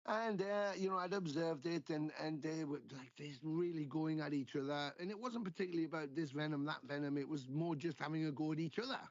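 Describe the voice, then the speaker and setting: A middle-aged man with a gravelly voice that sits a little high, telling stories in a casual interview. He acts out the people he quotes and swears freely. The sound is dry and dull, with no room around it. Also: a little fast, hardly any pauses, no room sound. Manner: animated storyteller, acting out quoted exchanges, swears freely. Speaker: guest musician.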